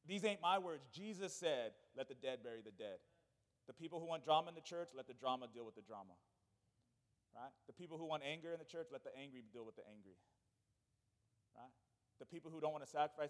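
A high-voiced man preaching from the pulpit, his voice ringing out and then dropping to near murmurs. The sound carries a long reverb, as in a big church sanctuary. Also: expressive, fast. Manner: swings from loud preaching to hushed asides. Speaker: pastor. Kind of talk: sermon.

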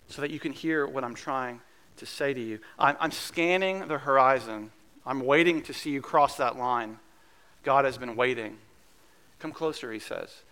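Guy pastor preaching, chatty and earnest, voice a bit on the high side. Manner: conversational and earnest, with soft hushed asides. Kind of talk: sermon.

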